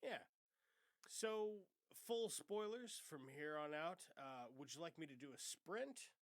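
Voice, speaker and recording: A man's voice: a little high, lively intonation, takes it slowly, no echo. A man co-hosting a casual movie review podcast, rambling, joking and stumbling over names. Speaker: podcast co-host.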